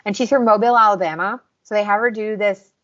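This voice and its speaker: A young Southern woman co-hosts a podcast in an easygoing, rambling way, filling her recaps with "like" and "um". Her voice sits at a middle pitch. The recording sounds a little muffled and lo-fi. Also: fairly even intonation, fast talker, fairly bright tone. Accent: Southern American. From American South. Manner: chatty, recaps scenes and acts out quotes with laughs. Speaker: podcast co-host. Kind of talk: casual podcast chat.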